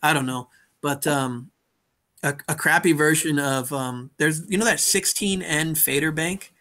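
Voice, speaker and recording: Bright-voiced man explaining modular gear. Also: on the high side, a little slow. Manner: explains gear with many restarts and fillers. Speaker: co-host. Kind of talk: casual chat.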